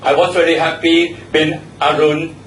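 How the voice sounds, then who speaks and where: A man with a slightly high voice and flat delivery gives feedback at a speaking club meeting at normal speed. He repeats words and spells some letter by letter in this evaluation speech. The mic is far away in an echoey room, with a little hiss or hum.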